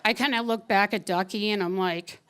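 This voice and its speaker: A woman telling a true story on stage at a live story slam, lively and wry, often laughing as she talks. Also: mid-range voice, moderate pace, smooth, some chatter behind.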